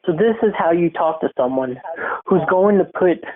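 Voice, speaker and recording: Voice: medium pitch, animated, close to an everyday voice. A young host putting on a whiny pleading president. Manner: slow, pleading, self-pitying. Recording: tinny phone-like recording, faint hiss.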